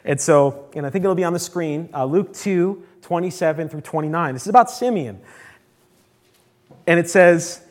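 High-voiced impassioned male preacher. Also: normal speed. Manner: impassioned, swings from loud declarations to hushed tones, repeats lines for emphasis. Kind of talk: sermon. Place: church service.

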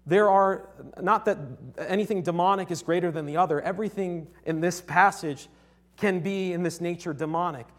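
Young guy from connecticut preaching, earnest and chatty, kinda high voice, keeps saying "right?". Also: normal speed. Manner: earnest, conversational, with frequent restarts and rhetorical "right?". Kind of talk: sermon.

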